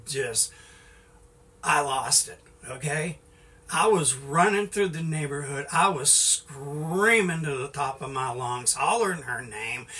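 Middle-aged male preacher, folksy, rambling delivery, bright tone, set back from the mic. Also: on the high side, far from the mic. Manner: folksy, repeats "you know", restarts often. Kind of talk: informal sermon.

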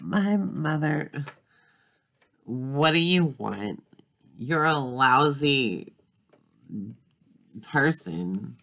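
A performer voicing a bitter, hard-drinking middle-aged mother in a doll drama, speaking in slow, cutting accusations. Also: mid-range voice, animated, creaky, a bit bright, heavily acted. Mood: scornful.

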